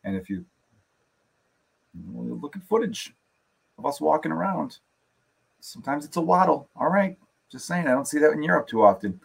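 A man's voice: fairly high pitch, big pitch swings, moderate pace, creaky, long pauses, breathy edge. An American man hosting his own podcast, ranting casually with jokes, swearing and rambling asides into a close microphone. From United States. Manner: profane, joking, rambling asides. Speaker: podcast host. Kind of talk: casual solo comedic rant. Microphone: studio microphone, close.

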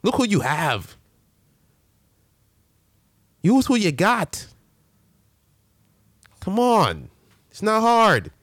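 A man hosting a casual sports rant, animated and full of slang and restarts. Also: sits high, very slow, long pauses, dry recording, studio quality. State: a little winded. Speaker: sports show host.

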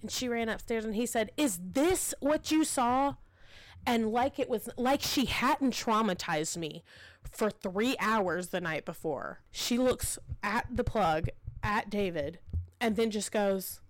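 A woman's voice: mid-range voice, a little slow, dry recording. A woman in her thirties co-hosting a podcast, telling a story and acting out the lines she quotes. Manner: animated, acts out quotes. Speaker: podcast co-host, mother. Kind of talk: casual storytelling chat.

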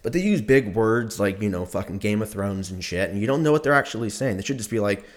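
A man's voice: lowish voice, expressive, quick pace. A young man telling a rambling, profane story in a casual monologue, laughing often as he goes.

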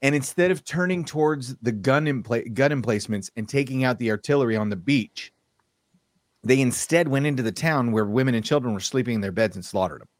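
A man co-hosting a podcast in casual chat, blunt and profane, speaking with animated emphasis. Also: medium pitch, fairly quick, no room sound, clean studio sound. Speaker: podcast co-host.

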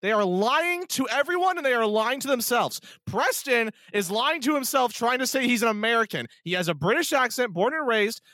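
A man in loud, animated podcast banter with friends, ranting and joking. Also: very high voice, fairly quick, hardly any pauses, dry recording, studio quality.

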